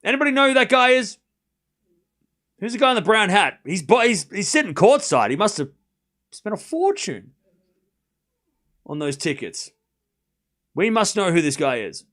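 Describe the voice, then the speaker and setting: A man hosting a live stream, calling tennis play-by-play in a chatty, excitable way, joking about the crowd and talking to his viewers. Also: high-pitched, normal speed, pauses often. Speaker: stream host.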